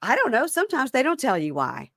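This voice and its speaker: A woman's voice: high-pitched, wildly swooping pitch, fast, vocal fry, voice pushed up, heavily acted. A woman playing an incarcerated man who keeps dodging questions, in a mocking retelling. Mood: whiny. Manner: evasive, mock-pleading retelling.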